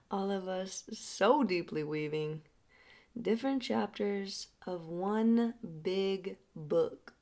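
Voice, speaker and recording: A young adult woman speaking slowly and softly as a healing guide, often sinking into a breathy half-whisper. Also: mid-range voice. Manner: slow, soft and drawn out, often dropping into a breathy half-whisper. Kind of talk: reflective spoken storytelling.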